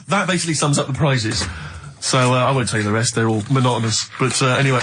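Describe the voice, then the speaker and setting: Radio presenter reading announcements. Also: male voice, medium pitch, quick pace, noisy background. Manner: casual, joking delivery of announcements. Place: radio studio.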